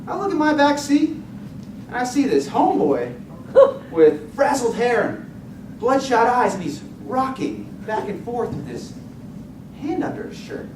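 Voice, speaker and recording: A man giving a dramatic storytelling speech at a contest, telling it with vivid, expressive delivery. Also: very high-pitched, unhurried. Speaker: contest speaker. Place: contest hall stage. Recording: echoey hall, distant mic, noisy.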